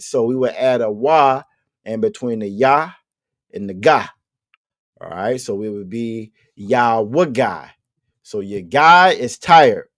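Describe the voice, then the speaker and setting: A man's voice: mid-range voice, dry recording, clean studio sound. A man teaching an online language class, patiently repeating his questions and joking casually with his students.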